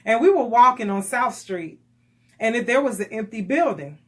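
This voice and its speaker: Middle-aged woman, faith radio co-host, high-pitched, acts out every quote. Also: normal speed. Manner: animated storyteller who acts out quoted dialogue. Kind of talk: faith-based radio talk.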